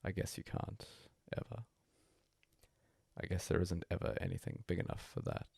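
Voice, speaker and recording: A man reading a bedtime story aloud as a hushed, breathy first-person monologue. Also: deep voice, fairly even intonation, moderate pace, dry recording, clean studio sound. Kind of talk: soft-spoken story reading.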